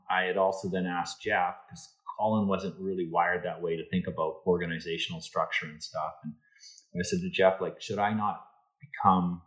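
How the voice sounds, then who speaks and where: A middle-aged man with a low, deep voice shares workplace stories in a relaxed interview. He slips into quoted dialogue with energy. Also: rough recording. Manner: animated anecdotes, acts out quoted dialogue. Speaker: insurance executive, podcast guest. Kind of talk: casual storytelling interview.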